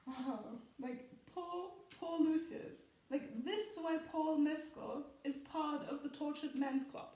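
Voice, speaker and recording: A woman's voice: high-pitched, slow pace, dark tone, recorded from a distance. A woman in casual spoken commentary who rambles with lots of fillers and laughs often. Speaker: film commentary vlogger. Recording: echoey room, voice off-mic.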